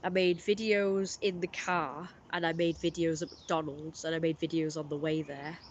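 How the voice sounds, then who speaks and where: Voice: mid-range voice, little pitch movement, moderate pace, highs cut off, slight background noise. A streamer, rambling through a casual live-stream story with lots of fillers.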